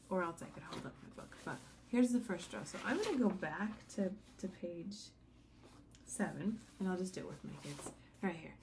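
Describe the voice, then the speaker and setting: A woman's voice: medium pitch, a little hiss or hum. A woman teaching a sight-singing lesson, giving patient step-by-step instructions and singing short examples. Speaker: music teacher.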